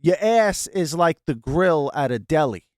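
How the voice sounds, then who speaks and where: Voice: mid-range voice, lively intonation, unhurried, darkish tone. A podcast co-host giving blunt, mocking, crude advice in casual chat.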